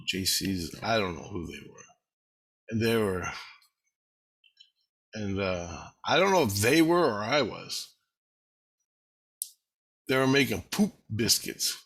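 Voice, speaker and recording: A man's voice: lowish voice, lively intonation, takes it slowly, long pauses, fairly bright tone, slightly rough. A man telling a rambling, repetitive personal story, with frequent swearing.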